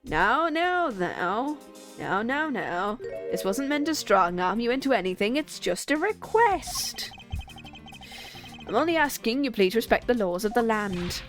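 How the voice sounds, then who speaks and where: A woman voicing a smooth, condescending older man while reading game dialogue aloud, soothing and patronizing. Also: on the high side, very animated, measured pace. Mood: placating. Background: faint game music.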